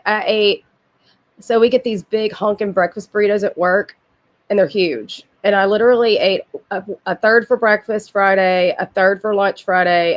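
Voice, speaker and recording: Sniffly, chatty woman streaming. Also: mid-range voice. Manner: blunt, profane, chatty with frequent asides. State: sick with a cold, sniffling. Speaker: livestream host. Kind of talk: casual chat with live chat viewers.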